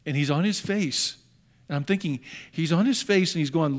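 A man's voice: fairly high pitch, normal speed. A male pastor preaching a sermon with fervor, repeating phrases and acting out the quotes he reads.

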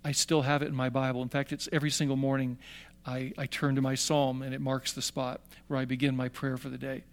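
A man's voice: medium pitch, a little fast, clean tone. An older man telling a personal story to young listeners, acting out the voices of people in it. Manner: animated, acts out voices in his story. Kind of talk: storytelling talk.

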